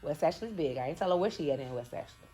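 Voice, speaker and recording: A young woman hosting a casual live chat, animated and laughing, acting out quotes in shifting voices. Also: low-pitched, fast talker, slight background noise. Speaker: host.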